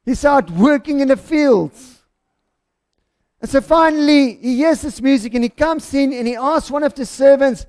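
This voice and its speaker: A man's voice: very high-pitched, normal speed, darkish tone. A South African man preaching a passionate, storytelling sermon as pastor.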